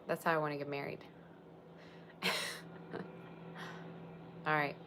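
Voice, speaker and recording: A woman's voice: low voice, flat delivery, slow, background noise. A woman tarot reader chatting casually on a livestream, rambling and talking straight to her viewers.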